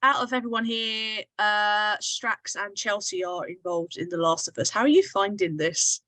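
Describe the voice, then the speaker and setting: Bright upbeat woman running the chat, dry close sound. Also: mid-range voice, normal speed, no room sound, poor audio. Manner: upbeat, leads the conversation. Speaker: host. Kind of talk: casual group chat.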